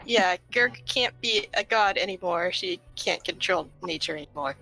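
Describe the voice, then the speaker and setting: Woman game master, bright voice, hesitant, faint music behind. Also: fairly low pitch, expressive, moderate pace, gravelly, rough recording. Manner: hesitant, with fillers. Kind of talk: narrating a tabletop game.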